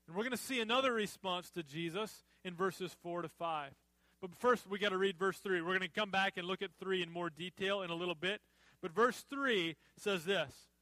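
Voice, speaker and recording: A man's voice: high-pitched, sharp tone, no room sound, low-quality recording. A man preaching a sermon in a conversational way, often acting out the reactions of people in the story. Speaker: pastor.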